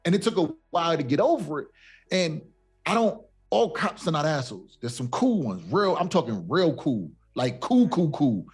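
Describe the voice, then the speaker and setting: A man's voice: fairly high pitch, very animated, moderate pace, husky. A middle-aged man co-hosting a casual podcast, talking emphatically and streetwise, often asking if you see what he's saying. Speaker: co-host.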